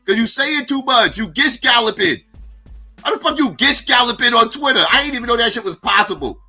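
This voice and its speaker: High, piercing man ranting in exasperation. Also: lively intonation, brisk, slightly rough, soft background music. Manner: incredulous, exasperated, swings loud and soft. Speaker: livestream commentator. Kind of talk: profane ranting commentary.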